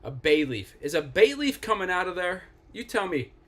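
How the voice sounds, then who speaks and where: His voice sits high and swings widely in pitch at a normal speed as this Pittsburgh-area man cooks on a casual home livestream, chatting directly with viewers and cursing offhandedly.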